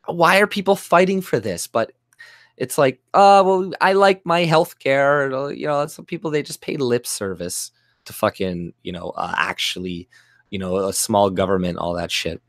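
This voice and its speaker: A man's voice: low-pitched, normal speed, gravelly, fairly bright tone, no room sound, studio quality. A man from Canada ranting angrily about politics on his own channel, swearing constantly and mocking the people he argues with. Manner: heated, profane, swearing constantly; mocks others in put-on voices. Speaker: YouTuber. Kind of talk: angry political rant.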